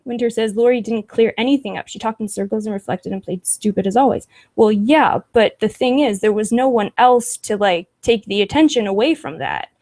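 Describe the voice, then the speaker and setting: A woman's voice: a little high, mellow. A young woman hosting a casual livestream, reading chat comments aloud with sarcastic, profane asides and frequent laughs.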